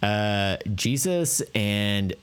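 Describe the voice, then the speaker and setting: A man's voice: fairly low pitch, lively intonation, drawn-out words, clear, resonant tone. A man co-hosting a podcast, chatting in a laid-back, joking way with frequent swearing and "uh" fillers. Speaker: podcast co-host. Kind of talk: casual chat.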